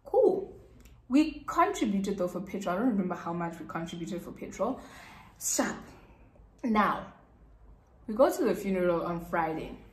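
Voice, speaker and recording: A woman's voice: fairly low pitch, big pitch swings, normal speed, long pauses, a little mellow. A South African woman telling a casual storytime to her viewers, chatty and repeating words for emphasis. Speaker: YouTuber. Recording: echoey room.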